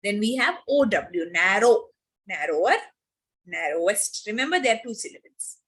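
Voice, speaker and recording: A woman teacher, teaching a grammar lesson to children online. She repeats key words and slows down on examples. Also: medium pitch, big pitch swings, a bit bright, husky.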